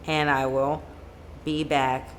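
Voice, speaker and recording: Slow, rambling live-stream musician. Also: medium pitch, little pitch movement, a little hiss or hum. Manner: rambling, leans on "like" fillers. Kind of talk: casual live-stream chat. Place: home room with a plain white backdrop.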